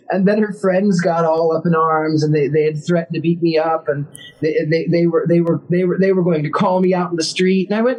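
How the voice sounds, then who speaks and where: A man, a guest psychic on a casual podcast, telling animated stories and acting out the dialogue with frequent restarts. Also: a little high, a little fast, poor audio.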